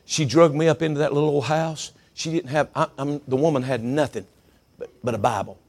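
A middle-aged preacher man delivers a sermon in a gravelly, crackling voice. He tells folksy stories and doubles his words for emphasis. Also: fairly high pitch, brisk, darkish tone.

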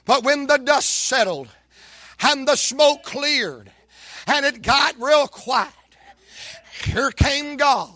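High-voiced preacher with dramatic swings. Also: male voice, slow, pauses often, no room sound. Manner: dramatic, swings from shouts to whispers, folksy. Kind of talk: sermon.

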